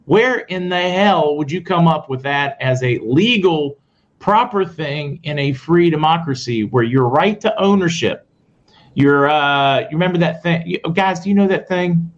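A man hosting a casual live stream, reading posts aloud fast and adding sarcastic asides to his viewers. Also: on the high side, expressive. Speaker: host. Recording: muffled audio with faint noise.

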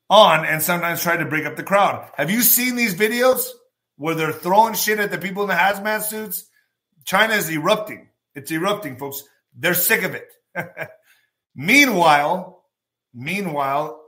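A man reading news stories aloud and ranting about them in an excitable, sarcastic way, laughing at his own jokes. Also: fairly high pitch. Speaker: political commentary vlogger.

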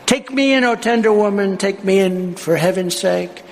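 A man's voice: high voice, normal speed, gravelly, voice pushed up. A vicious sly snake, as a man reads him out. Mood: pleading. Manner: recited verse, sing-song refrain. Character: vicious sly male snake pleading to be let in. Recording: echoey hall with crowd noise.

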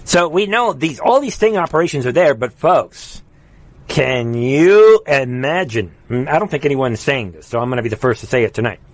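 A man hosting live political commentary in a heated, mocking, rapid ranting manner. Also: mid-range voice, expressive. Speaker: host.

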